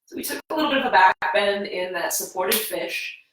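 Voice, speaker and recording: A woman teaching a slow yoga class, guiding breath and movement in a calm, soothing way. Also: medium pitch. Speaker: yoga instructor. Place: home room. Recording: echoey room, voice from a distance.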